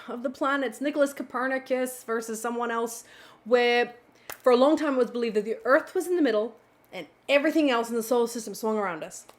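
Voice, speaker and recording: A woman hosting a casual vocabulary video, explaining words in a playful, animated way with little exclamations. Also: on the high side. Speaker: vocabulary channel host.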